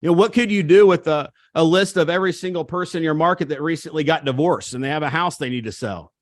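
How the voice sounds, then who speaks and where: A man giving an energetic, repetitive pep-talk style coaching seminar on real estate over a video call. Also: on the high side, fast talker, no echo.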